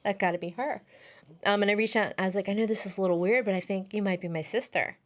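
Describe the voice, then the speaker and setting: Animated middle-aged woman telling stories. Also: medium pitch, fast talker. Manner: animated storyteller, acts out quoted voices. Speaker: podcast guest. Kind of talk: casual chat.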